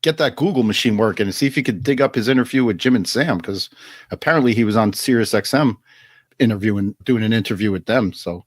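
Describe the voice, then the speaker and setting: A man's voice: on the low side, fast, dry recording. A man co-hosting a podcast, dry and wry while cueing up clips. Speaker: podcast co-host. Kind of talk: casual chat.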